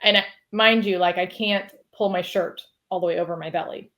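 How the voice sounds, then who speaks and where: A woman guest on a podcast, telling a story in a lively, casual way, laughing often and saying "like" a lot. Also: on the low side, fairly quick. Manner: animated, laughs often, heavy use of "like".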